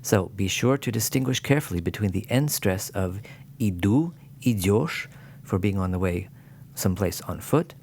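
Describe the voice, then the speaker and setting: Male teacher, lowish voice, clear scripted lesson narration, dry humor. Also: expressive, normal speed, a little mellow, slight background noise. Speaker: language teacher.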